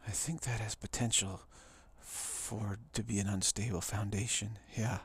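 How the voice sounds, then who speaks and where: A man, a spiritual teacher, giving a reflective talk in a musing, soft way, sometimes dropping into a whisper. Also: on the low side, steady tone, measured pace, slightly rough.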